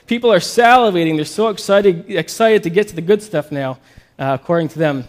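A man with a high voice preaches a sermon and tells a story as he goes. He talks in a conversational, upbeat way, with casual fillers between phrases. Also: lively intonation, fairly quick.

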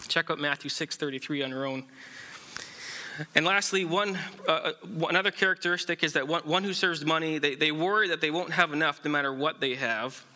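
Bright-voiced man preaching a sermon. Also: fairly high pitch. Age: adult, married. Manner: halting, many fillers and restarts. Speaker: pastor. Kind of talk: sermon with an illustrative story.

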